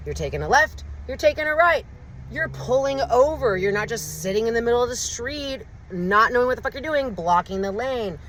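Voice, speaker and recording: A woman's voice: a little high, a little hiss or hum, poor audio. A woman, ranting angrily and profanely to a phone camera while driving her car. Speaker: vlogger. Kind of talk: angry rant to camera. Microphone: handheld phone camera.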